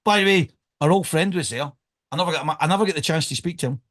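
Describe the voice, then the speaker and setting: Joking high-voiced Scottish podcast host. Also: male voice, fast talker, fairly bright tone. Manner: joking, rambling, laughs often. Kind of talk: casual banter.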